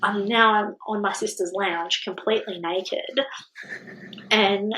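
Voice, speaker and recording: An Australian woman telling her story as a podcast guest, animated, acting out the people in it. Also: medium pitch, slow pace, slight background noise. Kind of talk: casual birth story chat. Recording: roomy echo.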